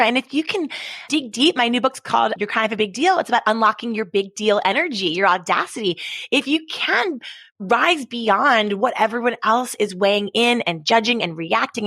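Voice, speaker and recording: A woman guest, an author and speaker, talking in an animated, preachy way in a podcast interview. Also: on the high side, no room sound. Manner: energetic, preachy, acts out quoted voices.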